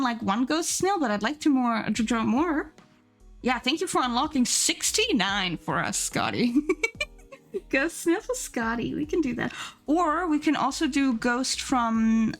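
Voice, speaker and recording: Giggly streamer woman, bright voice. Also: a little high. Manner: giggly, chatty, reads chat aloud. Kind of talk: casual live-stream chat.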